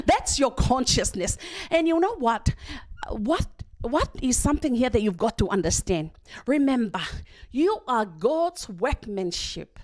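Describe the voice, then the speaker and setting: A woman preaching a sermon at a church service, reading scripture and explaining it slowly and deliberately. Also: fairly high pitch, big pitch swings.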